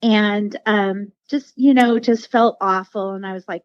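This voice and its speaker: A woman guest tells a personal story in a heartfelt, rambling way, circling back with fillers and restarts. Her voice sits at an ordinary middle pitch. The sound is dull and a bit muffled, and very dry. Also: fairly even intonation, a little slow, no room sound. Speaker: podcast guest. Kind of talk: casual storytelling interview.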